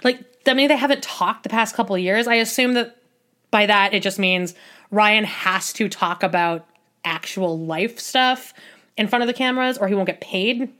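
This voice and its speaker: A woman's voice: medium pitch, normal speed, fairly bright tone. Rambling chatty woman podcast host. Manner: rambling, heavy on filler words and restarts, wry asides. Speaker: podcast host recapping a reality show. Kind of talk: casual chatty solo recap.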